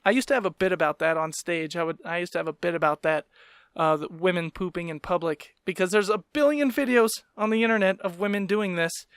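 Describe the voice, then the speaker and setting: A high-voiced male comedian hosts a casual talk show and rants with constant swearing. He is animated and quick to laugh at himself. The sound is dry and close, with no room echo. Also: clear, resonant tone. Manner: profane, animated, ranting, laughing asides. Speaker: podcast host and stand-up comedian.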